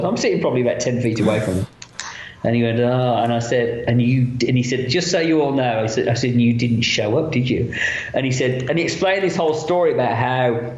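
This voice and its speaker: A man's voice: mid-range voice, darkish tone. A man from England in his fifties with a Birmingham accent, a guest telling long, profane, rambling anecdotes in casual conversation. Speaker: interview guest. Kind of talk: casual storytelling. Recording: roomy, dull lo-fi sound.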